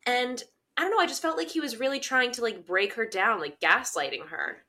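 A young woman co-hosting a casual recap chat, eager and agreeable, quick to chime in. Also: fairly high pitch, sharp tone. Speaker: podcast co-host.

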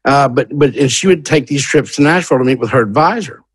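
A man telling his own story in a casual, animated way, often restarting his sentences. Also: medium pitch, fast, breathy edge, no echo. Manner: animated, many restarts and repeats "literally".

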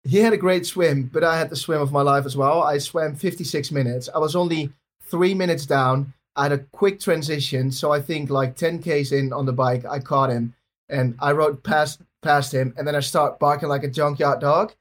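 A man co-hosting a podcast, telling a story in relaxed, self-assured casual chat. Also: fairly high pitch, moderate pace. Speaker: podcast co-host.

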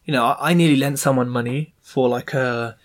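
A man hosting a podcast, ranting in an animated, sarcastic and exasperated way. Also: mid-range voice, a little fast. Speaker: podcast host, property investor. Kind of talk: casual ranting monologue.

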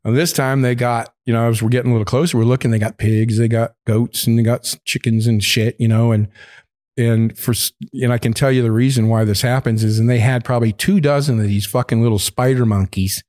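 A man's voice: medium pitch, steady tone, a little fast, darkish tone. Profane rambling male storyteller. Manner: rambling, profane, laughs mid-sentence. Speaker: podcast guest. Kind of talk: casual storytelling.

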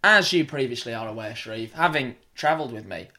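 Young man, chatty co-host, mid-pitched voice, reactive casual talk. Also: lively intonation, quick pace, pushed and bright. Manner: chatty, reacts with frequent exclamations. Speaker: podcast co-host. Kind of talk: casual chat.

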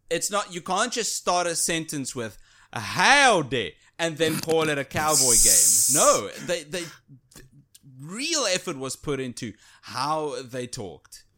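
A man's voice: mid-range voice, fairly bright tone. A man co-hosting a gaming podcast, chatting casually and enthusiastically, with frequent fillers and restarts. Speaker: podcast co-host. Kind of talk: casual chat.

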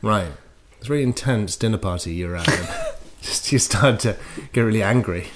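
A man's voice: on the low side, normal speed, a little hiss or hum. A man co-hosting a comedy advice show, chatting in a dry, wry, agreeable way. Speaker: podcast co-host. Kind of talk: casual comedy chat.

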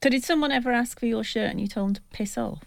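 A woman's voice: fairly high pitch, fast talker, gravelly, no room sound. A middle-aged woman, a football writer on a podcast panel, telling a long anecdote with relish and acting out the voices of the people in it. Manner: lively storyteller who acts out quoted voices.

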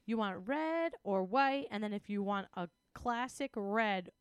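A woman co-hosting a casual podcast, chatty and playful, laughing easily with quick asides. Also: mid-range voice, animated, smooth, dry recording, dull audio. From Greek heritage, US. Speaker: podcast co-host. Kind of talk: casual chat.

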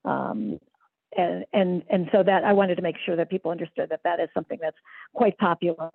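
A woman's voice: lowish voice, fairly even intonation, a little fast, gravelly, husky, dry recording. A woman travel writer, a guest on a radio show, speaking in casual interview chat and agreeing often, with fillers as she explains. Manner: agreeable, with short affirmations and filler-laden explanations. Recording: tinny, dry phone line.

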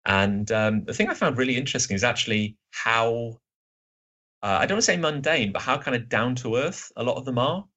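A British man chatting as a podcast guest, his voice a little husky, hesitant and full of fillers and restarts. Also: medium pitch, expressive, fairly quick, sharp tone, lo-fi sound. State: slightly husky. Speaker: guest writer. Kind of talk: casual podcast chat.

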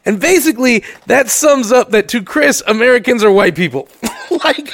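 A man chats on a podcast in a high, gravelly voice, telling stories and teasing the other host. His pitch swings widely, and he breaks into laughter often. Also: animated, moderate pace, fairly bright tone, no echo. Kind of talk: casual chat.

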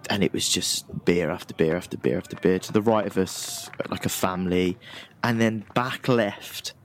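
Lively Birmingham man telling stories. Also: sits low, normal speed, a little hiss or hum. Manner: animated, laughing storyteller. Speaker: podcast co-host. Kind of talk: casual chat.

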